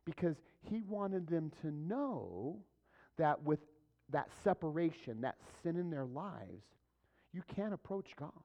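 A man delivering a sermon in a fairly high voice, teaching in a casual way and asking the congregation question after question. The recording sounds dull and lo-fi. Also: big pitch swings, slow pace, gravelly, dark tone. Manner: conversational preaching with rhetorical questions. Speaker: pastor.

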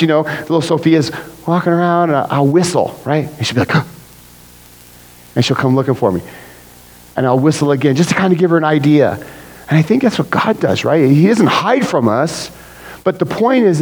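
Animated man preaching a casual sermon. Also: fairly high pitch, rough recording. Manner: animated, frequent "right?" asides. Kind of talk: conversational sermon.

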